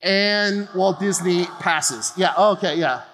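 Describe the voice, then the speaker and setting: A pastor from New Jersey, a man in his forties, preaching a lively sermon to a congregation in a casual, joking way and tagging "okay?" onto nearly every phrase. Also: high-pitched. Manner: chatty, keeps adding "okay?", quick laughs. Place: large church auditorium. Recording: long hall reverb of a church auditorium.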